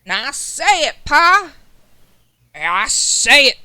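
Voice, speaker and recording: A man's voice: very high-pitched, very animated, slow pace, bright, forceful tone, dry recording, full character voice. A man voicing a drawling, slurring Southern menagerie hand with a folksy manner. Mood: blustery. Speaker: tabletop game player.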